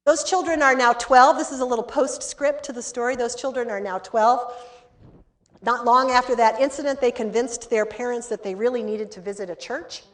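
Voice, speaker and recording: A woman giving a lecture who tells a story with animation and acts out the dialogue, slowing and softening at solemn moments. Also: a little high, steady tone. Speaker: seminary lecturer.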